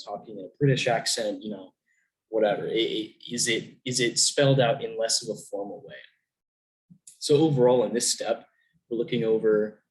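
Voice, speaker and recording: Young man, lowish voice, casual lesson, lots of ums, asking questions. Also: low-quality recording. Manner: casual, many ums and restarts, asks questions. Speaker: student teacher. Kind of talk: recorded virtual lesson.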